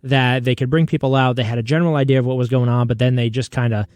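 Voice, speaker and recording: A man co-hosts a true crime podcast at a middle pitch. He talks casually, throwing in sarcastic asides, swearing and quick mock voices. The sound is close and dry. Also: fairly even intonation, darkish tone, clear, resonant tone, no room sound. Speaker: podcast co-host.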